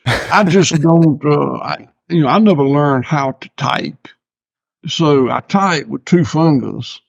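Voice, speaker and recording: A man's voice: a little high, takes it slowly, gravelly, no room sound. An older man, a farmer guest, chatting casually in an interview with laid-back, dry self-mocking humor. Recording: slightly dull lo-fi sound.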